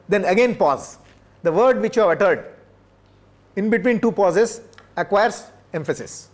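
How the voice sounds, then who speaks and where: Middle-aged male professor, higher-pitched voice, measured workshop lecture, hesitant fillers, tag questions to the room. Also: animated. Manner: measured, checks in with "right?" and "okay?".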